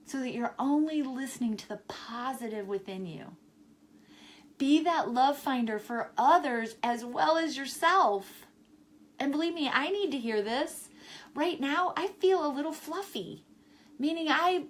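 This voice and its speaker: A woman on a live stream from home, talking to viewers in a warm, encouraging way and repeating her key phrases. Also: sits high, moderate pace. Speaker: wellness vlogger selling essential oils. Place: home in Chicago, indoors.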